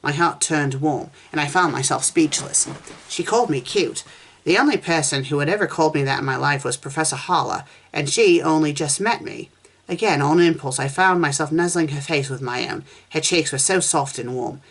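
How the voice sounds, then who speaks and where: A woman reading a first-person fan story aloud at a steady pace, with small slips and restarts as she goes. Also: low voice, normal speed. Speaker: fanfiction reviewer.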